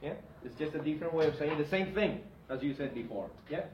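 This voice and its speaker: A man teaching a grammar lesson in a classroom, with a slightly higher voice. He repeats his examples and keeps asking "yeah?" to check that his students follow. The room is echoey and the recording is distant and dull, with faint room sound behind him. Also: lively intonation, slight background noise. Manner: repeats example sentences slowly. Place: classroom with a whiteboard. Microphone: far from the speaker.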